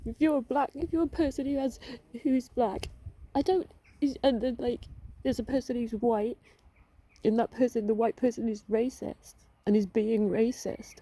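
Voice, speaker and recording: A woman vlogger crying as she talks through an upsetting experience, halting and laughing through her tears. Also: a little high, fairly even intonation, mellow, rough recording. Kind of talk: emotional personal vent.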